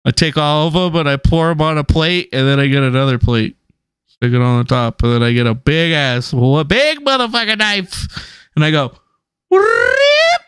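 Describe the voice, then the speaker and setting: A man's voice: a little high, moderate pace, fairly bright tone, clear, resonant tone, no room sound. A man chatting casually on a livestream, swearing freely and rambling through stories. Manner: profane, rambling, storytelling. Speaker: streamer.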